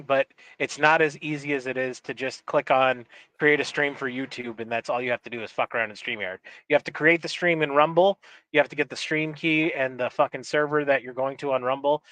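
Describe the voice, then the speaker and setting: A podcast producer from Michigan's Upper Peninsula co-hosts a casual chat, telling profane, joking stories. His voice is medium in pitch with a sharp tone, and the recording is dry.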